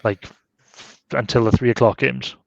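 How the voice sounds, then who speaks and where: A man's voice: mid-range voice, fairly even intonation, moderate pace, creaky, dry recording. A man co-hosting a football podcast, rambling casually with lots of fillers and tag questions. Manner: chatty, rambling, heavy use of "like" and tag questions. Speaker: podcast co-host. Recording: slightly dull lo-fi sound.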